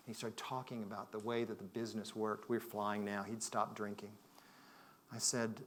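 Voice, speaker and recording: A man's voice: on the low side, level tone, moderate pace, slight background noise. Reflective man telling a story on stage. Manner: reflective, shifts from loud to hushed. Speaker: conference speaker. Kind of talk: storytelling keynote talk. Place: conference hall.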